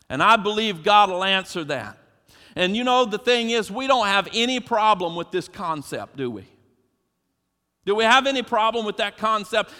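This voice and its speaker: High bright-voiced guy preaching a sermon in a church, big hall echo, asks the crowd stuff. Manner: emphatic, preacherly, asks the congregation questions. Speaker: pastor. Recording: long hall reverb.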